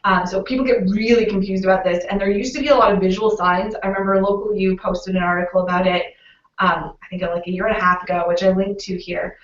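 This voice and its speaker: A woman's voice: medium pitch, fairly even intonation, fast talker. A woman with a Canadian accent presenting a webinar, explaining things casually with frequent fillers. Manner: casual, explanatory, many "um"s and "you know"s. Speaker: local SEO consultant presenting a webinar. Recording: roomy, distant, muffled webinar audio.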